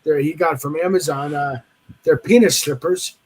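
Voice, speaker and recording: A man's voice: fairly high pitch, moderate pace, a little mellow, breathy edge. A man on a panel chat, teasing the others and making bawdy jokes. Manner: jokey, teasing, bawdy humor. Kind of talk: casual chat.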